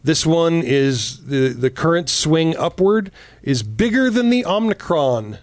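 A man's voice: fairly high pitch, animated, a little slow, no room sound. A man co-hosting a casual political talk show, reading news items aloud and adding sarcastic asides. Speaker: podcast co-host.

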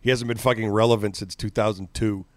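A man's voice: lowish voice, fairly even intonation, quick pace, no echo. A man hosting a podcast, chatting casually with crude, sardonic, profane humor. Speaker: podcast host. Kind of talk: casual chat.

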